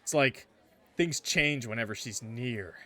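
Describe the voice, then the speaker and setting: A man's voice: measured pace, bright, forceful tone. Justin, a man doing a purring smug flirt. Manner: low, purring, teasing delivery. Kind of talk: reading visual novel dialogue aloud.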